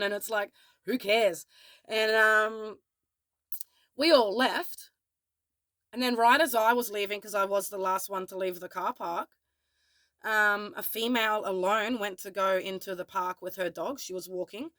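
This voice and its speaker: A woman's voice: medium pitch, steady tone, normal speed, a bit bright, no room sound. A young Australian woman telling a personal story in a casual vlog, candid and swearing freely. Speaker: vlogger.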